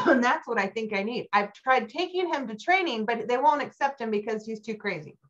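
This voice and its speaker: Animated middle-aged woman keynote speaker. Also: normal speed. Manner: animated storytelling, rising high when excited. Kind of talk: motivational keynote talk. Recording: dull lo-fi recording.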